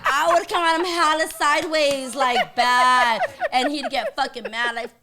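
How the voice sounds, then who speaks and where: A woman chatting casually, telling stories loudly with lots of swearing and laughter. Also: sits high, steady tone, normal speed, heavy background noise. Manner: loud, profane, laughing storyteller. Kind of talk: casual chat.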